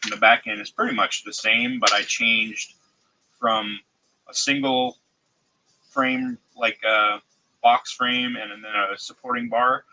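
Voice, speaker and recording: Slow-talking congested man, bright tone. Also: mid-range voice, steady tone, a little hiss or hum, low-quality recording. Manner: slow, halting, with many restarts and fillers. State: congested and coughing from a cold. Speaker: streamer showing 3D-printed model car parts. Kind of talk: casual live-stream chat. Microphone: desk mic, close.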